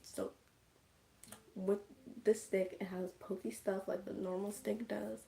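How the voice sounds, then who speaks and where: A woman's voice: medium pitch, level tone, measured pace, gravelly, dark tone, slight background noise. Chatty woman recapping a movie. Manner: chatty, lots of "like" fillers. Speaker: streamer. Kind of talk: casual live movie recap.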